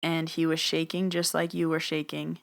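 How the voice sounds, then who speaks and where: A woman telling a personal story in a podcast, animated, acting out other people's lines as she goes. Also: low voice, normal speed, creaky. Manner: animated retelling, acts out others' voices in quotes. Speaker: medium telling her story.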